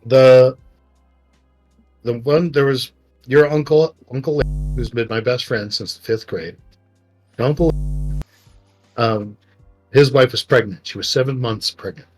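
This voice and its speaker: A man's voice: medium pitch, a little slow, long pauses, a little mellow, faint music behind. A middle-aged man, a podcast co-host, telling a long family story in rambling, emotional casual chat.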